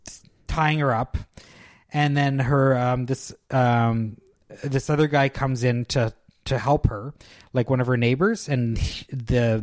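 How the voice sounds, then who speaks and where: Rambling young man with lots of ums. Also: medium pitch. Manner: rambling, halting with many ums and restarts, self-deprecating. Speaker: podcast co-host reviewing films. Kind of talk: casual chat.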